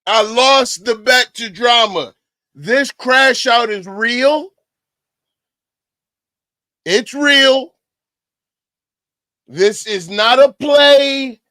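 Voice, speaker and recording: A man hosting a livestream, loud and excitable, often shouting as he talks to his chat. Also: very high voice, extremely slow, long pauses, dry recording. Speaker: livestream host. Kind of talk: reacting to a clip for chat.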